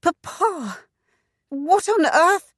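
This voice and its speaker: Woman voicing a frantic young heiress, high and breathless. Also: very animated, measured pace, creaky, dark tone, husky, no echo, clean studio sound, heavily acted. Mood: shocked.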